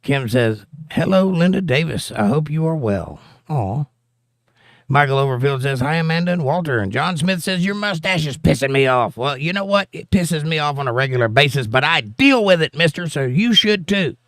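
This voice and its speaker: A man's voice: fairly high pitch, lively intonation, moderate pace, a bit bright, dry recording. Southern man hosting a dry-sounding livestream. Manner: joking, wry asides. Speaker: livestream host. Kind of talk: casual political chat, reading viewer comments.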